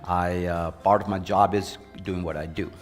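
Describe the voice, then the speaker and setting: A man with a fairly low voice tells an earnest, anecdotal story about his working life, his delivery turning animated when he quotes other people. His speech rings with a long reverb, and faint music plays underneath. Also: normal speed. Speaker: former university president, leadership speaker. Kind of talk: storytelling in an interview.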